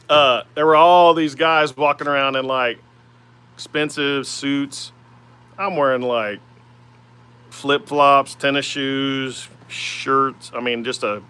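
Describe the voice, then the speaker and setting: Bright-voiced Oklahoma man chatting casually. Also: medium pitch, clean tone, no room sound. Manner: easygoing, rambling, lots of "man" and "uh". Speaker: woodturning livestream host. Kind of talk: casual livestream chat answering viewer comments. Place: home woodworking shop by the lathe.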